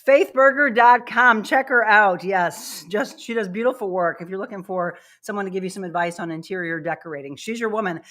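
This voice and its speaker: A woman's voice: medium pitch, fairly quick, hardly any pauses, fairly bright tone. A woman hosting a fitness show, coaching viewers in an upbeat way while she demonstrates exercises live. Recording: roomy echo.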